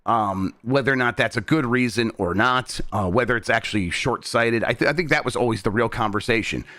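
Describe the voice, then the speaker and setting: A man's voice: medium pitch, brisk, pushed and bright, dry recording, clean studio sound. A man co-hosting a games news show, talking things through in a hesitant, thoughtful way with frequent restarts. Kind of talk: casual news discussion.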